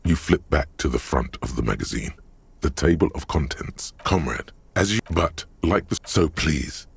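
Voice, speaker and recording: Wry game narrator: very low, dry close sound, sardonic second-person storytelling. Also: male voice, expressive, moderate pace, vocal fry, husky, no room sound, full character voice. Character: deep-voiced male narrator, dry and wry. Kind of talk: scripted voiced narration.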